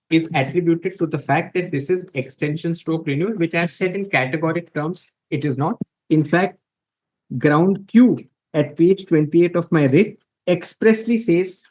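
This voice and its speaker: Male advocate, formal courtroom pleading, deferential yet emphatic, slightly high voice. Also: poor audio. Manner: deferential, repeatedly saying my lord; emphatic, reads passages from documents.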